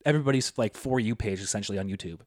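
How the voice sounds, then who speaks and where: A man's voice: on the low side, rapid-fire, no room sound, clean studio sound. A young man co-hosting a podcast, rambling casually with swearing and restarts. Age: young adult. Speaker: podcast co-host. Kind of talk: casual chat.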